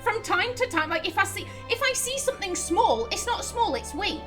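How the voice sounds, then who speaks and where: Animated high-voiced woman gaming host. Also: normal speed, hardly any pauses, music in the background. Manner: animated, chatty, reads dialogue aloud. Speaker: let's play host. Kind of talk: casual gameplay commentary.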